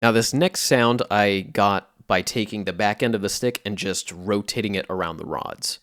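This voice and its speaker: A man with a fairly low voice walks through his sound samples in a relaxed, explanatory way. The recording is dry and close, with no room sound. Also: moderate pace, no echo. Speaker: music producer. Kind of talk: casual tutorial narration.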